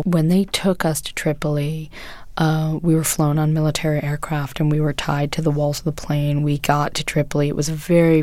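Interview guest, woman in her forties: low-pitched, earnest, measured delivery, dry studio sound. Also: a little mellow, dry recording. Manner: earnest, measured storytelling with frequent fillers. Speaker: guest, photojournalist. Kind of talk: recounting experiences in an interview.

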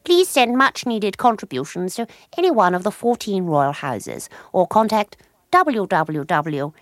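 A woman's voice: medium pitch, expressive, unhurried, no room sound, clean studio sound, natural voice. Haughty English royal, voiced by a woman, plummy posh accent, stately and grand. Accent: posh upper-class English. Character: haughty aristocratic royal lady, middle-aged.

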